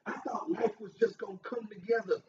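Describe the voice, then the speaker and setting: Pastor guy preaching loud, call and response, kinda muffled lo-fi sound. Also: sits high, fairly even intonation, fairly quick, crowd noise. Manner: call-and-response preaching, shouting emphatic lines. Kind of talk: sermon. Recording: distant mic, dull lo-fi sound.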